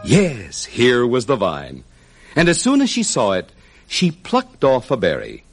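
A man narrating a rhyming children's story in an expressive, sing-song way. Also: mid-range voice, unhurried, soft background music.

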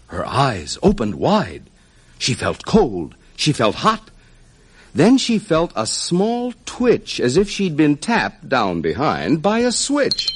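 A man narrating a rhyming children's story in an expressive, sing-song way. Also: a little high, breathy edge.

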